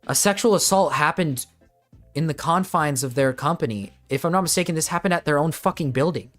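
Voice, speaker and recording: A man's voice: on the high side, fairly quick, faint music behind. A man doing reaction commentary, ranting in exasperation and swearing often, talking to his chat like a streamer. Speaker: drama commentator.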